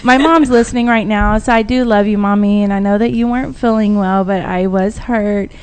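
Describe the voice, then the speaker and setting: A woman's voice: mid-range voice, a little fast, clean tone. A woman, hosting a casual radio talk show and telling stories with acted-out quotes. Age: 40s. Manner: animated storyteller who acts out quoted voices. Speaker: radio host.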